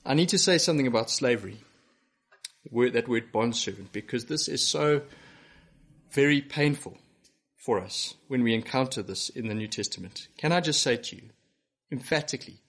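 A man's voice: medium pitch, expressive, normal speed, a bit bright, slightly rough. A man preaching a sermon to a broadcast congregation, earnest and emphatic, pressing his listeners with rhetorical questions. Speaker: pastor. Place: church broadcast to home viewers.

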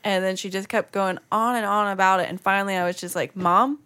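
Casual chat woman, mid-pitched, laughs through her halting stories. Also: fairly even intonation, a bit bright, smooth.

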